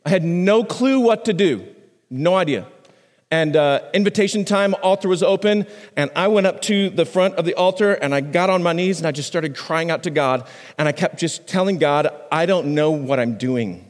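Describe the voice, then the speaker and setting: A man, a pastor, preaching a sermon on a microphone in a conversational way, restarting phrases and swinging his pitch up and down for emphasis. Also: moderate pace, in a large hall. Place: church sanctuary.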